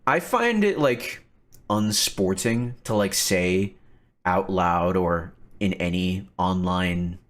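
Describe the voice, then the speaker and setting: A man hosting a casual commentary stream, animated and quick to laugh. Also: low-pitched. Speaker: stream host.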